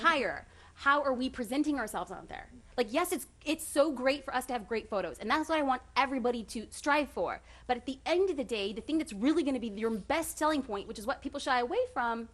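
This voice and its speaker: A woman giving a casual seminar talk on running a photography business, chatty and direct with quick asides. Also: a little high, a bit bright. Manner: direct, self-described authoritative.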